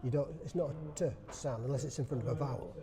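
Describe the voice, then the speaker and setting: A man from Bradford with a Yorkshire accent, chatting casually as a dialect society chairman, pausing often to search for words. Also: medium pitch, vocal fry, loud music behind the voice. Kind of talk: casual chat. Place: restaurant in a casino. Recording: busy room with crowd noise. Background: crowd chatter.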